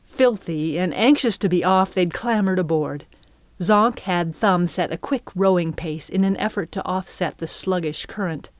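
A woman narrating a children's adventure audiobook in a measured, even storytelling manner. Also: on the low side, no echo. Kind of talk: scripted narration.

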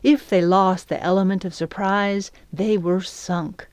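A woman narrating a children's adventure audiobook in a measured, even storytelling manner. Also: medium pitch, clean tone, no room sound. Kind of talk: scripted narration.

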